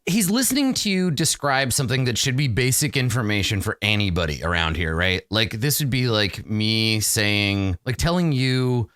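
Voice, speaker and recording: A man's voice: on the low side, expressive, moderate pace, few pauses, fairly bright tone, clean tone, no room sound, studio quality. Hesitant man narrating as game master. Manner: hesitant, full of restarts and fillers.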